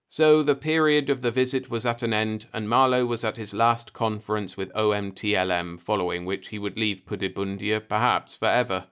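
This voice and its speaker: A man narrating a science fiction short story as an audiobook reader, in an even, unhurried storytelling manner. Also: fairly low pitch, clean tone.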